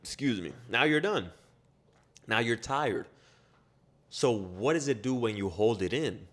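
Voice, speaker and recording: A man giving a motivational self-improvement monologue, blunt and profane, firing off rapid rhetorical questions. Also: mid-range voice, animated, a bit bright.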